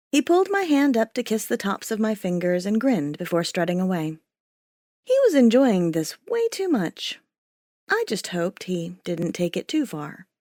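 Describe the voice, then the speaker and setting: A woman narrating a first-person audiobook in a wry, expressive storytelling manner. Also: mid-range voice, normal speed, dry recording, clean studio sound.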